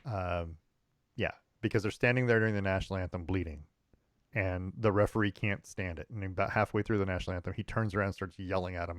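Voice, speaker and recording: Man, lowish voice, dry close sound, casual rambling sports chat, lots of ums and restarts. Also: fast, no echo. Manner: rambling, frequent restarts and fillers, chuckling. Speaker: podcast co-host.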